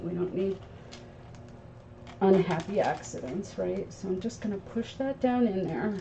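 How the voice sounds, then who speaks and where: A woman's voice: lowish voice, gravelly, dark tone, distant mic. A woman hosting a live crafting tutorial, chatting to her viewers as she works at her craft table. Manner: chatty, instructive, talks to viewers while working. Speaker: craft show host. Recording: dull sound from off-mic with faint noise.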